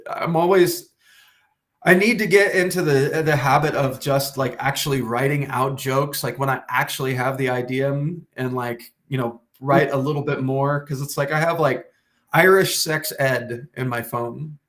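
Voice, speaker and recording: A comedian guest talks loosely and rambles, often starting over and dropping the odd curse. His voice sits at an ordinary middle pitch for a man. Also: fairly even intonation, normal speed, fairly bright tone. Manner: rambling, with many restarts and swearing. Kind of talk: casual podcast chat.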